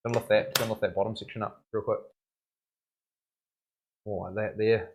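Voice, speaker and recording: A young male tattoo artist chats casually on a livestream while he works, his lowish voice level and fairly quick against slight background noise. He laughs often and thanks his viewers.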